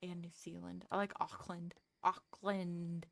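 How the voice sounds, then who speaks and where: A woman talks loosely with her viewers as she plays. Her voice sits a little low. She rambles, restarts her sentences and laughs easily. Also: fairly even intonation, a little slow, dry recording. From United States. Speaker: livestreamer. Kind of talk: casual chat with viewers while gaming.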